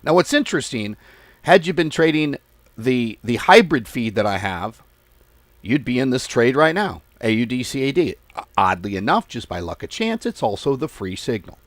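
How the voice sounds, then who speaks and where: A male trading host speaks in casual, blunt commentary, exasperated with his audience and not shy about swearing. His delivery is animated, with pitch swinging widely from line to line. The sound is close and dry, with no room around it. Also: moderate pace, dry recording. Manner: lively, swings pitch and volume. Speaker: forex trading channel host. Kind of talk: casual market commentary to viewers.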